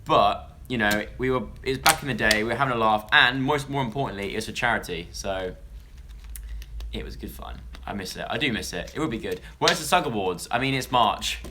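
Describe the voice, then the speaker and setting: A man's voice: mid-range voice, expressive, fairly quick, noisy background. A young man from England chatting casually on a live stream, rambling and interrupting himself as he talks to viewers.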